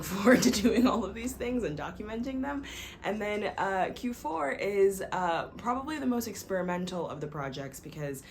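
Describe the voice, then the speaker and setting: A woman's voice: low voice, slight background noise. A young woman talking casually to camera in a rambling, self-deprecating way with many fillers. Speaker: vlogger, software engineer.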